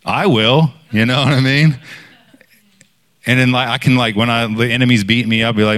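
A man delivers a casual, rambling sermon at a brisk clip, recounting a personal story full of filler words. His voice jumps up animatedly each time he quotes other people.

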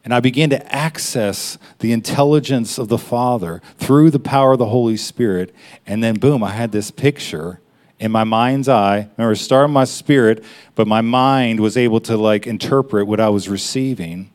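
A man preaching in a conversational, personal way, stopping for quick laughs and honest asides as he addresses his listeners. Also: medium pitch, darkish tone. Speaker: pastor. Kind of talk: sermon.

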